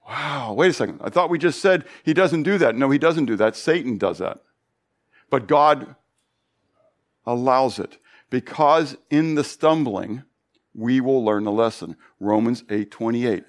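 A pastor preaching a Bible study sermon, animated, full of rhetorical questions. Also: male voice, medium pitch, measured pace.

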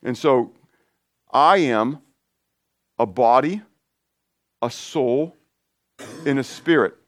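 A man preaching an informal sermon in a conversational, rambling way, with asides and restarts that turn lively and high when he gets excited. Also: slow pace, dry recording, clean studio sound. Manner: lively, rising pitch when animated.

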